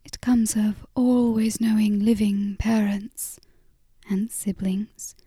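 A woman in a whispered role-play, voicing a calm, knowing middle-aged mother who speaks quietly. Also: mid-range voice, takes it slowly, breathy edge, no echo, studio quality.

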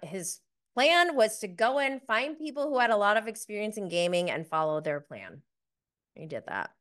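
A woman's voice: lowish voice, a bit bright. A woman hosting a casual episode review of a reality show, chatty and gossipy, laughing often as she talks. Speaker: reality TV recap host.

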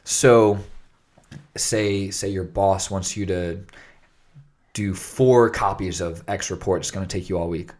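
A man with a fairly low voice talks through an idea in a loose, casual podcast chat. He rambles and restarts often, leaning on fillers as he explains. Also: steady tone, measured pace, darkish tone.

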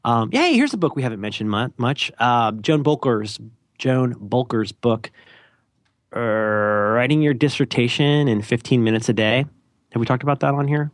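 Lively, rambling podcast man, dry sound. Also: medium pitch, a little fast, dry recording. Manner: rambling, jokey, self-deprecating. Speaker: podcast co-host. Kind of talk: casual podcast chat.

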